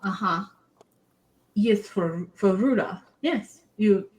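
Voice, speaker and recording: A woman's voice: medium pitch, darkish tone, lightly acted. A woman voicing a stern, no-nonsense older female receptionist in a tabletop game, curt and dismissive. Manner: curt, dismissive, drawn-out "hmm".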